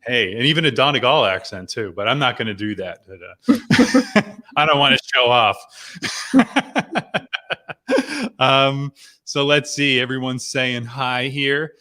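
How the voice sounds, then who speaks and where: A man's voice: mid-range voice, expressive, slow pace, long pauses, pushed and bright. A middle-aged man from New Jersey hosting a live online members' chat, rambling and chatty with lots of fillers and laughs. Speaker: host.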